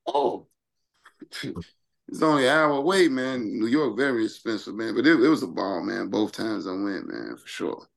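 A laid-back man chatting on a podcast, trailing his sentences with "man". His voice is lowish and gravelly with plenty of fry. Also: sing-song, moderate pace. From South Side of Chicago. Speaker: guest hip hop artist. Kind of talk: casual chat.

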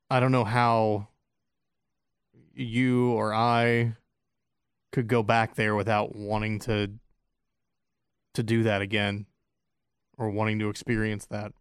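A man's voice: fairly low pitch, flat delivery, slow pace, long pauses, clear, resonant tone, no room sound, clean studio sound. A man in casual chat, speaking in a hesitant, reflective way.

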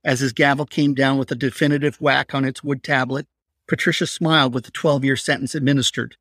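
A man reading a suspenseful crime story aloud in a steady, measured way. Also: mid-range voice, no echo, clean studio sound. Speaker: narrator. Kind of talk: scripted story narration.

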